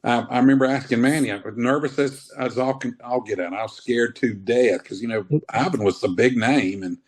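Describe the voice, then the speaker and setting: Guy in his 50s rambling thru old wrestling stories, easygoing, middle pitch. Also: brisk, breathy edge. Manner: rambling, laid-back, says man often. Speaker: wrestler guest. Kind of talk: casual interview storytelling.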